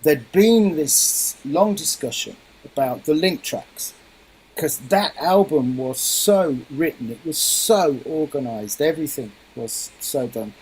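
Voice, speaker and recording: A man's voice: fairly high pitch, lively intonation, slow, a little mellow, slightly rough, poor audio. A middle-aged man, a guest musician, explaining his craft thoughtfully in a radio interview.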